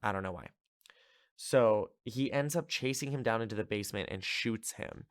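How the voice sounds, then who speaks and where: A man with a fairly low voice talks through a movie plot in a loose, chatty way, dropping "like" everywhere and sounding amused. The recording is dry and close, with no room sound. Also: moderate pace, no room sound. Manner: chatty, lots of filler "like", amused. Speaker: podcast host. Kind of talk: casual movie recap.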